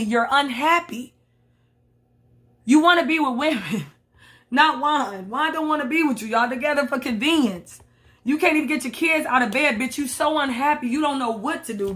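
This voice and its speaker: A woman with a high-pitched, slightly bright voice recaps reality TV with blunt, sassy commentary, swearing a lot as she reviews the shows.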